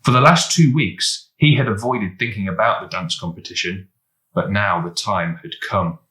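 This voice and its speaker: A man reading a children's storybook aloud, lively and expressive as he goes. His voice is low yet bright and forceful. The sound carries in a roomy, echoey space. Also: moderate pace.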